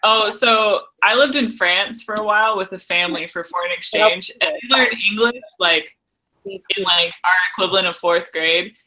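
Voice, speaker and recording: A woman's voice: mid-range voice, moderate pace, sharp tone, low-quality recording. A woman with a Texan accent, chatting bluntly and teasingly on a group livestream. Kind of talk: casual group chat.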